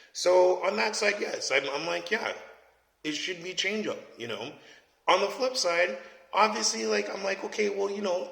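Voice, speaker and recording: Gravelly, bright-voiced man ranting. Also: sits high. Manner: blunt, profane, keeps asking "you know what I mean?". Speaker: commentator. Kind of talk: casual opinion rant. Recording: echoey space with long reverb.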